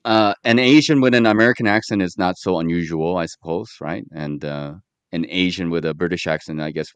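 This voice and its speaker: A man's voice: deep voice, clear, resonant tone, no echo. A man with a mixed, hard-to-place accent chatting on a live panel, hesitant and wry. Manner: hesitant, many uh fillers, wry. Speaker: panel guest. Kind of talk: casual live panel chat.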